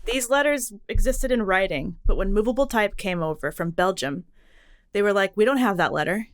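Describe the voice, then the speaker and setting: A woman co-hosting a casual podcast, explaining things in an animated way, jumping between tangents and laughing often. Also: medium pitch, moderate pace. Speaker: podcast co-host explaining letter history.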